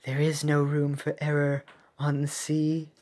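A woman doing a disciplined female sea captain from a cookie game, barking crisp orders in a slow, loud, fairly even voice. She sounds cold and in full command of her crew, pitched a little higher than her own low speaking voice. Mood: stern. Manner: somewhat monotone delivery. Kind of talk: reading game cutscene dialogue aloud.

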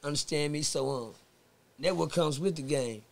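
On a podcast, a Texas man with a gravelly voice on the high side tells a story at normal speed. Casual, profane and animated, he acts out the voices of the people in it.

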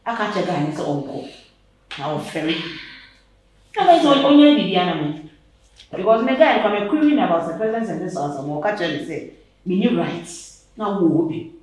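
A man acting out an aggrieved Ghanaian man of the house in a drama. He complains and explains his grievance at length. His pitch moves in a lively way as he talks. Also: moderate pace, heavy reverb, distant mic, low-quality recording. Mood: complaining. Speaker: actor in a web drama. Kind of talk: dramatic dialogue.

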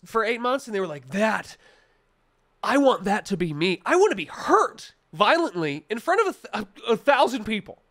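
A man's voice: sits high, pushed and bright, clear, resonant tone. A young man streaming, chatting casually with his live chat in a rambling, jokey way, full of restarts and mock-serious asides.

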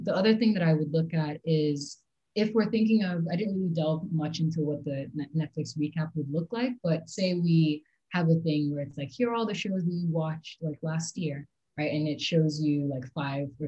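Low mellow woman talking fast. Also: lo-fi sound. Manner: fast-talking with frequent "like" and "um" fillers. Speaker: interview candidate. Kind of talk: mock job interview answers.

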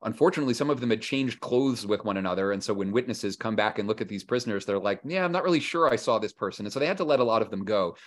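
In a conversational interview, this historian-author talks loosely, voicing what historical figures said and frequently restarting or filling pauses. He speaks very fast with few pauses, his fairly low voice expressive.

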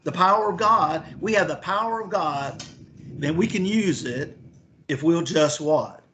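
A man leads a Bible lesson, reading scripture aloud and pausing to put questions to his listeners. His voice sits a little high for a man. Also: bright, forceful tone, a little hiss or hum. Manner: asks the class questions, reads scripture aloud. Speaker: Bible teacher.

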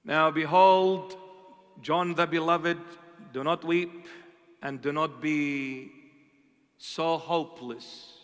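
A man preaching a sermon as a bishop, impassioned and full of rhetorical questions, swinging between loud and hushed delivery. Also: a little high, fairly even intonation, slow pace, long pauses. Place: church. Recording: long church reverb.

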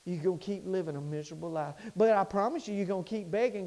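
A male pastor, preaching an impassioned sermon in a church sanctuary and swinging between loud cries and hushed lines. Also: high-pitched, quick pace, hardly any pauses.

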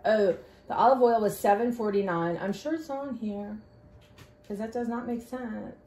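A woman in her fifties chatting casually to her viewers, rambling and warm with drawn-out "y'all"s and sighs. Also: medium pitch, a little hiss or hum. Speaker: vlogger. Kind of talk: casual haul chat.

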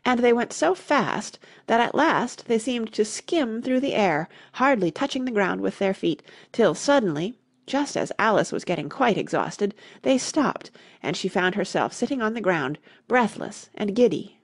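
A woman narrating an audiobook in an expressive storytelling manner. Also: medium pitch, normal speed, few pauses, dry recording, studio quality. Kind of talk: scripted narration.

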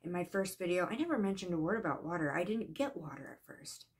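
A woman telling a personal story in a casual, earnest way, halting and shaken at times. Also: lowish voice, expressive. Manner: earnest, emotional, halting with restarts. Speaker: psychic vlogger.

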